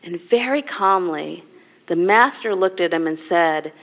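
Gentle, low-voiced woman meditation teacher. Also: expressive, measured pace, highs cut off. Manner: gentle, soft-spoken, laughs often. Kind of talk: storytelling and guided meditation.

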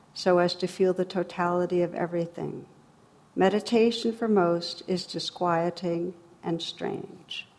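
A woman giving a reflective talk on meditation in a relaxed, conversational way, with dry sarcasm and frequent laughs. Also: mid-range voice, creaky.

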